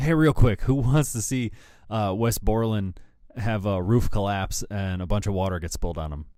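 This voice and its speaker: A man's voice: lowish voice, moderate pace, over loud music. A man hosting a rock news show, ranting angrily and swearing heavily about a band. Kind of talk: profane opinion rant.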